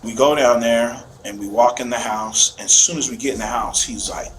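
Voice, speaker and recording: A man's voice: medium pitch, fairly quick, very noisy. A man, a father, emotionally retelling events in a recorded police interview, rambling and searching for words.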